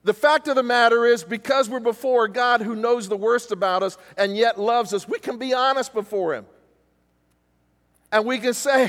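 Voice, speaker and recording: A man's voice: very high voice, normal speed, fairly bright tone. A man preaching a sermon as pastor, emphatic, with rhetorical questions and repetition, to a congregation in a church. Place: church hall. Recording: reverberant church hall.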